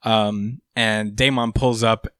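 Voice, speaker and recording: A man's voice: on the low side, level tone, takes it slowly, fairly bright tone, clear, resonant tone, no room sound, studio quality. Laid-back man swearing through a casual recap. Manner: laid-back, swears freely, laughs often, many fillers.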